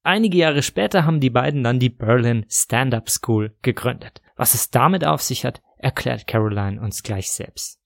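Guy hosting a podcast, gravelly, dry close mic, reading his intro kinda wry. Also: medium pitch, animated, normal speed, few pauses, no echo. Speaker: podcast host.

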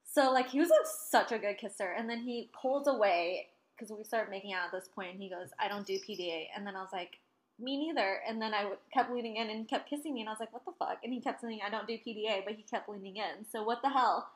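This is a young woman, in her twenties, whose fairly high voice moves quickly as she tells a story in casual conversation. She's animated, swears freely, and dramatizes what others said.

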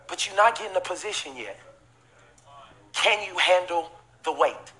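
A pastor preaches a sermon to a live church congregation, emphatic and repetitive, breaking into shouts and tossing in casual jokes. His voice is high, expressive, and brisk.

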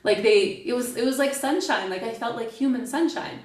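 A middle-aged woman from Canada, a podcast guest, telling stories in a playful, animated way. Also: on the high side, moderate pace. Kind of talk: casual podcast conversation. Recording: echoey and distant from the mic.

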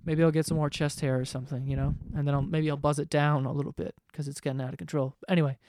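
Male vlogger, 20s, slightly high voice, profane rambling rant. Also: flat delivery, fast, darkish tone, a little hiss or hum. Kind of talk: casual rant to camera. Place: home room below living room.

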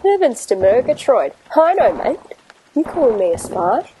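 A woman's voice: a little high, big pitch swings, moderate pace, dark tone, slight background noise, pitched above the performer's own voice, poor audio. A woman voicing a brash, overfamiliar Australian male army captain with breezy slang. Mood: cheeky.

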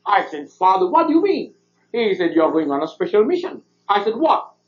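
A man's voice: sits high, very animated, moderate pace, lo-fi sound. A man, a pastor, telling a personal story in a sermon, with emphatic, repetitive storytelling.

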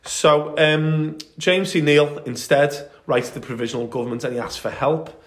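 A man's voice: on the high side, normal speed, echoey room. A man co-hosting a podcast, telling military history stories in a casual, enthusiastic way with many fillers. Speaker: podcast co-host.

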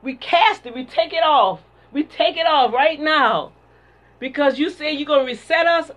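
A woman's voice: sits high, moderate pace, fairly bright tone. A woman preacher delivering a sermon and prayer in a fervent, repetitive cadence, on a dull lo-fi recording. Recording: dull lo-fi sound.

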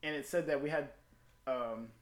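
A man's voice: mid-range voice, moderate pace, echoey room, slight background noise. A former Marine telling a story in casual, profane chat and acting out the people he quotes.

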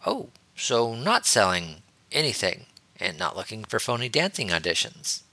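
A man's voice: fairly low pitch, expressive, moderate pace, sharp tone, no echo. Blunt, dismissive young wizard, read by a man. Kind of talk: audiobook reading.

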